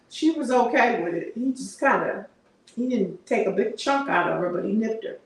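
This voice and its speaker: With a high-leaning voice and vocal fry, a middle-aged livestream host chats casually, laughs a lot and reads out viewer comments. She sits far from the mic in a very echoey room.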